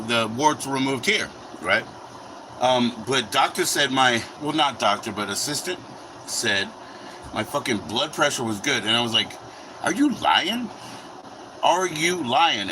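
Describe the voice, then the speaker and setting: Man, 40s, home livestream host, loose profane rambling, mid-pitched, noisy background. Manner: rambling, profane, talks to chat viewers. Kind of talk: casual livestream chat while cooking. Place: home kitchen.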